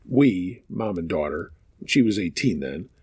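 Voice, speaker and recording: A man with a lowish, gravelly voice and a husky edge narrates true scary camping stories. His delivery is casual and laced with profanity, and his pitch swings widely as the tension builds. The recording is dry and close, with no room sound. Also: expressive, a little slow, no room sound. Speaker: host reading listener stories.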